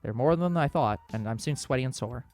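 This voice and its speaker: A man's voice: medium pitch, faint music behind. A man hosting a let's play, reading a visual novel's narration aloud with small slips. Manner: quick, steady storybook reading with small slips.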